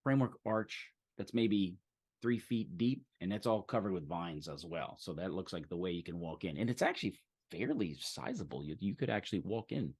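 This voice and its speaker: A man as game master, describing a scene in a halting way with many fillers. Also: sits low, expressive, a little mellow, husky. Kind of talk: narrating a tabletop game.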